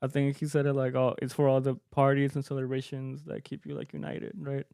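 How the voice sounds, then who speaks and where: A man co-hosting a podcast, telling a gig story in relaxed chat and switching between English and Spanish. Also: medium pitch, a little fast, creaky, smooth, no room sound, clean studio sound. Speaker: podcast co-host, mariachi musician. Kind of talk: casual chat.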